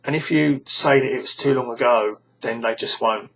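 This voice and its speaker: Man, British accent, casual rant to camera, stammering restarts, exasperated, tense bright voice. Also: medium pitch, normal speed, slightly rough, low-quality recording. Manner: rambling, with frequent stammered restarts; scornful, exasperated. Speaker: vlogger. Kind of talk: casual ranting monologue to camera.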